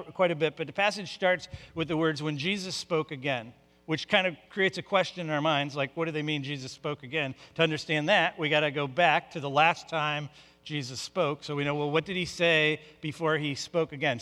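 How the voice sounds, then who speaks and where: Guy preaching, kinda high voice, chatty teaching w lots of restarts, big echoey church. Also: fairly bright tone. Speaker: pastor. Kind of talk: sermon.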